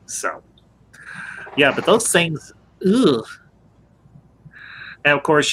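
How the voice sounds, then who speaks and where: Man, stream host, bright voice, faint background hum, jokey casual chat, laughs a lot. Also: mid-range voice. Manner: joking, laughs often, greets viewers.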